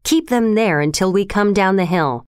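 A woman's voice: medium pitch, expressive, moderate pace, darkish tone, smooth, dry recording, studio quality, natural voice. A woman voicing a bold jungle boy who commands wolves, calling out urgent orders in a raised voice. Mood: commanding.

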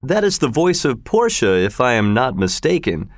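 A man voicing a courteous young gentleman who speaks warmly in a storybook reading. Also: medium pitch, very animated, moderate pace, no echo, clean studio sound. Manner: warm, courteous.

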